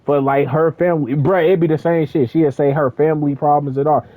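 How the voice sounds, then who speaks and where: Young male host, casual profane storyteller, higher pitch, dry phone-quality audio. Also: brisk, dry recording. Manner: profane, rambling, animated with laughs. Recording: tinny phone-like dry recording.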